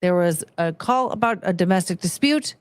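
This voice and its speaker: A woman's voice: on the low side, expressive, normal speed, clear, resonant tone, no room sound. A woman hosting a reaction video, commenting in an exasperated, incredulous way.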